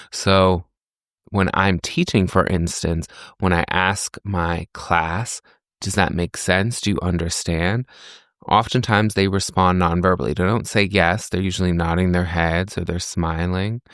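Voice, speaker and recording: A man with a very low, gravelly voice teaches like a professor talking to his students, posing rhetorical questions and walking through everyday examples. The recording is close and dry, with no room sound around him. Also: a bit bright, dry recording. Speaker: communication professor and podcast host. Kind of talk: lecture-style podcast.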